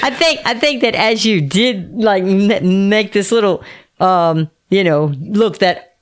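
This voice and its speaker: A woman playing a tabletop game speaks haltingly, often correcting herself mid-thought. Her voice sits in a middle pitch. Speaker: player.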